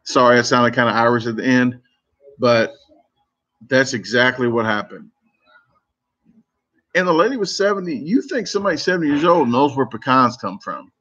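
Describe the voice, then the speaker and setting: Brief: man, mid-pitch voice, casual live stream chat, rambling stories, muffled lo-fi audio. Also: lively intonation, moderate pace, long pauses, bright, forceful tone. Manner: rambling, self-interrupting storytelling. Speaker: competitive eater streamer.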